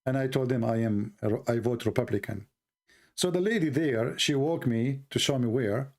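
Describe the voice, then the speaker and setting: A man's voice: medium pitch, animated, normal speed, a little mellow. A middle-aged man from the Middle East with a Middle Eastern accent, delivering a mocking, sarcastic livestream monologue in broken English. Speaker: show host.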